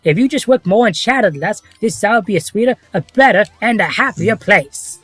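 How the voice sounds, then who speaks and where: A man's voice: high-pitched, lively intonation, normal speed, a bit bright, slightly rough, no room sound, faint music behind, pitched above the performer's own voice, full character voice. A man doing a stern scolding engine. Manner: stern, lecturing.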